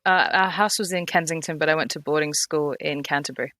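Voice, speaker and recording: A woman from the UK talks as a podcast guest, eager and a little rambling. Her voice sits slightly low for a woman. The sound is dry and close. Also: fast talker, sharp tone, no echo. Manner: enthusiastic, rambling. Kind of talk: casual chat.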